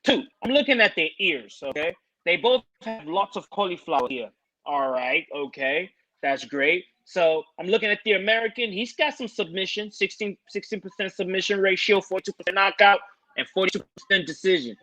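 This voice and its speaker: A man with a high, bright voice breaks down fighters' stats in order. He lays out numbers methodically and then gives his prediction in a casual podcast chat. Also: expressive, moderate pace, low-quality recording. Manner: methodical, walks through stats. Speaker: podcast co-host giving picks.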